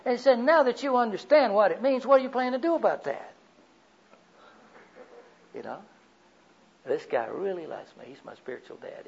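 An older man preaching a sermon, telling personal stories in a folksy way, swinging from loud to quiet. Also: high voice, very animated, a little fast, vocal fry, long pauses, highs cut off, a little hiss or hum.

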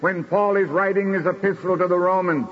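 Husky-voiced man preaching in a hall. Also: high-pitched, steady tone. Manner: measured, declamatory preaching with slow emphatic stretches. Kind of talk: sermon. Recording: dull recording in a reverberant hall.

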